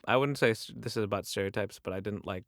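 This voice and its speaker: A man's voice: on the low side, fast talker, fairly bright tone, no room sound, clean studio sound. A young man from Michigan, a podcast guest talking casually, telling stories with lots of fillers and restarts. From Michigan, USA. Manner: chatty, filler-heavy storytelling with many restarts. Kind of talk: casual interview chat.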